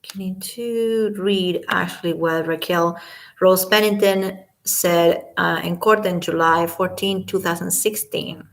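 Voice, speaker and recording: Woman, vocal fry, ranting vlog commentary, emphatic and repetitive. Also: lowish voice, steady tone, takes it slowly. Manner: indignant, emphatic, repeats herself. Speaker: commentary vlogger. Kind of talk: casual spoken commentary.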